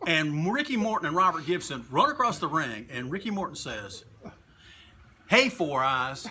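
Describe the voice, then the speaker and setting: An older man from North Carolina telling animated wrestling stories in a casual livestream chat, acting out quotes with plenty of cursing. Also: on the high side, brisk, husky. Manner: animated raconteur, acts out quotes with profanity. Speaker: guest, comic book shop owner and wrestling author.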